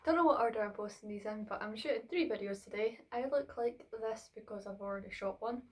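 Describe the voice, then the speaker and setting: A woman's voice: fairly high pitch, brisk. A young woman, chatting through a Q and A vlog filmed on her phone in her bedroom, slightly out of breath. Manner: chatty, rambling, with fillers. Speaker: vlogger. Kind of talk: casual Q and A vlog.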